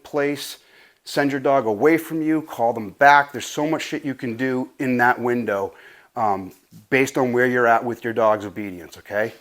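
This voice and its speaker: Breathless, chatty man teaching dog training. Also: mid-range voice. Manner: loose, profane, says "right?" a lot. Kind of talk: casual instructional talk. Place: home garage.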